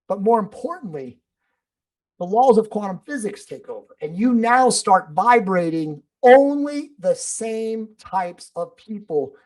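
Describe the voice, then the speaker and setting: A man speaking as a podcast guest in casual interview talk. He is emphatic and blunt, swears freely and tosses in "bro" and "dude". His delivery stays forceful and direct. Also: sits high, poor audio.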